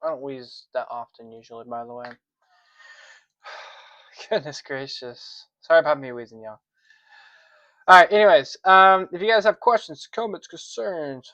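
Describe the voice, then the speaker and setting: A man's voice: a little high, pushed and bright, dry recording. A man hosting a weather livestream from his room, wheezing as he talks in a chatty, apologetic way. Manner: chatty, self-conscious, apologetic. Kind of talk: casual livestream chat. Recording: dry, dull lo-fi stream audio.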